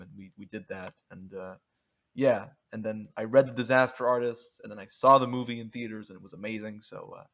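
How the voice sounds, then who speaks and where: A man's voice: lowish voice, fairly even intonation, fast, fairly bright tone. Laid-back man swearing through a story. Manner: laughing, swears freely. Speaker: podcast guest. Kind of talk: casual chat.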